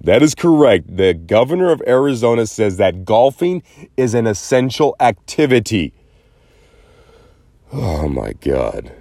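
A man's voice: mid-range voice, animated, normal speed, dark tone, no echo, clean studio sound. A man hosting a solo commentary show, rambling and sarcastic, putting on mocking voices to quote people. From Los Angeles area. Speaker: podcast host.

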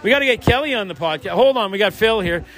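A man's voice: sits high, lively intonation, quick pace, a bit bright. A man hosting a casual podcast among friends in a garage shop, joking and rambling as he interviews people, with music playing behind him. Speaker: host. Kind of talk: casual party podcast chat.

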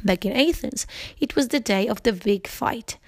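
A woman's voice: a little high, moderate pace, a little mellow, no echo. A woman narrating a storybook reading carefully, with small slips and restarts.

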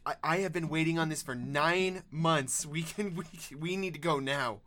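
A man's voice: fairly high pitch, moderate pace, fairly bright tone, lightly acted. A man improvising as an impatient pregnant woman in labor, whining and pleading to leave. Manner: whiny, pleading, keeps urging to leave. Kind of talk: improv comedy scene.

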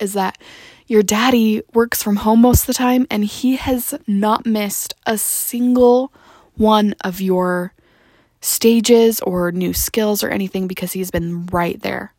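A young mother hosting her own podcast, speaking tenderly and gushing with plenty of ums, sometimes dropping into soft whispers. Her voice has a light gravelly fry. The recording is dry and close, with no room sound. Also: medium pitch, no echo. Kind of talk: heartfelt personal monologue.

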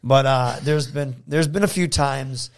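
Gravelly-voiced man telling stories. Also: medium pitch, a little slow. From Saginaw, Michigan, USA. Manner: animated, acts out quotes in a raised voice. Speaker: guest, professional wrestler. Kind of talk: casual interview storytelling.

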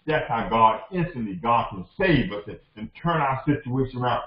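A man's voice: mid-range voice, expressive, normal speed, hardly any pauses. Impassioned preaching man, echoey room. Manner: impassioned, repetitive, calls out to the congregation. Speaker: bishop preaching. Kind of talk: sermon. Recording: echoey dull lo-fi room recording.

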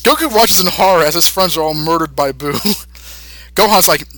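Podcast guy recapping an episode, bright voice, bit high, dry close mic. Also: soft background music, poor audio. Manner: animated, acts out character lines in quick put-on voices. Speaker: podcast co-host.

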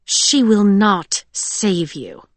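A woman's voice: fairly low pitch, expressive, moderate pace, no room sound, lightly acted. A woman reading an audiobook, voicing a cruel, haughty queen who hisses her threats. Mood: menacing. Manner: hissing, sneering.

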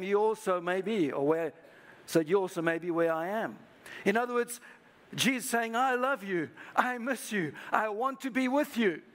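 Bright and fairly high, a man's voice leads a church service sermon before a live congregation. As pastor, he keeps urging listeners to say phrases back to each other.

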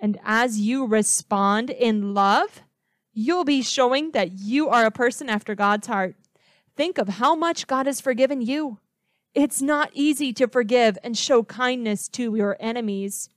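A woman teaching a children's Bible lesson, asking the listener questions in a slow, gentle way. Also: on the high side, no room sound.

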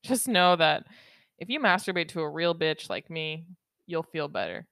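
Low-voiced profane woman podcaster. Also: sing-song, moderate pace, gravelly, a bit bright, clean tone, dry recording, clean studio sound. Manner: rambling, profane, joking, laughs often. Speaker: podcast host. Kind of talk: casual solo podcast monologue.

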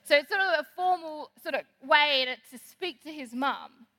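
A woman preaching a sermon in an animated, conversational way. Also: sits high, normal speed. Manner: animated, conversational, acts out quoted lines. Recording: long hall reverb.

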